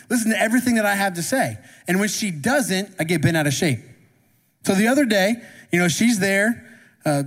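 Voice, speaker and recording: A man preaching a sermon as pastor, talking conversationally and asking the congregation questions. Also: high-pitched. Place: church sanctuary. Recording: long reverb of a church hall.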